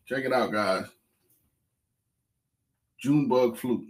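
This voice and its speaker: A man, casually telling viewers a fishing story, repeating phrases and getting excited. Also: medium pitch, a little slow. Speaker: fishing vlogger.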